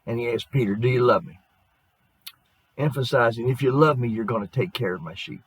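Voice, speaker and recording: A middle-aged man preaching as a pastor, hoarse and losing his voice, telling a folksy, earnest story in his sermon. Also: medium pitch, animated, moderate pace, dry recording, low-quality recording.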